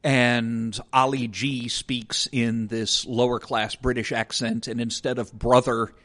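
A man's voice: mid-range voice, flat delivery, slow, a bit bright. A man co-hosting a podcast, explaining ideas in a casual educational chat and walking through examples step by step. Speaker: podcast co-host.

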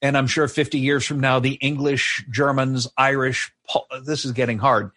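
A man's voice: medium pitch, steady tone, normal speed, bright, forceful tone, no room sound. A man co-hosting a history podcast, telling it in a wry, sardonic casual chat. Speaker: podcast co-host. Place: live show.

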